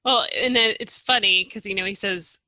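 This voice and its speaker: A woman with a very bright, sharp voice, co-hosting a podcast about a book. She is chatty and agreeable and laughs easily. Her voice is recorded dry, with no room sound. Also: medium pitch, moderate pace, dry recording, rough recording. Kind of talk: casual book discussion.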